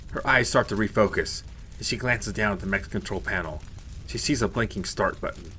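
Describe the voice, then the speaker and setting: A man narrating a short story in a steady, even storytelling manner. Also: fairly low pitch, a little fast, husky. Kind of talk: scripted narration.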